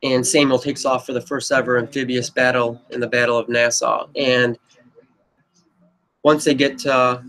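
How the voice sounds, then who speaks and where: A man talks straight to camera, pitching his own script in a loose, wandering flow that keeps circling back with "you know" and "but yep." His voice sits at an ordinary middle pitch and stays flat, with little rise or fall. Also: moderate pace, low-quality recording. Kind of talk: casual rambling pitch to camera.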